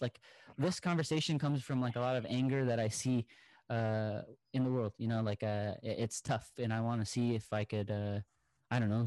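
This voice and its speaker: A young man on a podcast, talking in a halting way with many restarts. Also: medium pitch, darkish tone, dry recording, rough recording. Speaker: podcast co-host. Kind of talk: casual chat.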